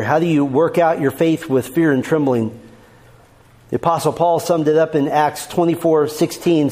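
A man with a high voice delivers a sermon from the pulpit. He preaches with steady emphasis, repeats each key point for weight and reads out scripture references one after another. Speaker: pastor.

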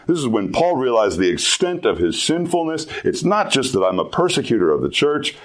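A man giving a youth sermon as pastor, earnest and emphatic, repeating key phrases for weight. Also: on the low side.

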